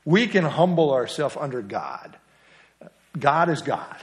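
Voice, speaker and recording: A middle-aged man leads a small church Bible lesson in a relaxed, folksy way. His voice sits a little high for a man. He teases his class, trips over his words, and fills the pauses with small asides. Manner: folksy, teasing, with filler and restarts. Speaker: discipleship class teacher.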